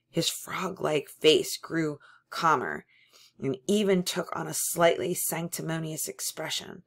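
A woman reading a novel aloud in a measured, steady narration. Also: low-pitched, gravelly. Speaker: audiobook reader.

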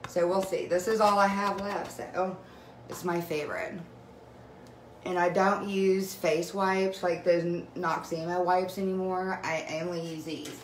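A young woman chatting live on camera at home, excited and emotional as she gushes about beauty products. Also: lowish voice, measured pace. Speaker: direct sales vlogger. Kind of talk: casual live video chat. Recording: echoey room with faint noise.

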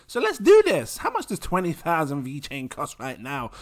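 A man's voice: fairly high pitch, huge pitch swings, moderate pace. A young British man hosting a casual crypto vlog, giggly and scattered and mocking himself. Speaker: crypto vlogger.

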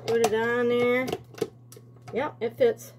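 A woman's voice: fairly high pitch, level tone, slow, background noise. A woman, talking to herself and her viewers as she bakes in her home kitchen, with rambling asides. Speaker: home cooking vlogger. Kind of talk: casual kitchen chat.

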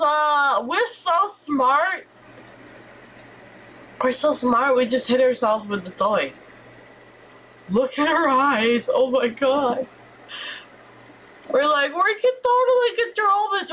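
Sex: woman. Style: excitable gameplay streamer. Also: sits high, slight background noise. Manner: excitable, swearing, exclamatory, chatty. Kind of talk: live gameplay commentary.

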